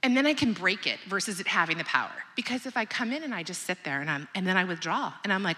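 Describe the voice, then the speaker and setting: A woman's voice: on the low side, animated, fast talker, few pauses, bright, forceful tone. A woman in her thirties giving a candid, conversational motivational talk to a mothers' group, often asking the audience questions. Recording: long hall reverb.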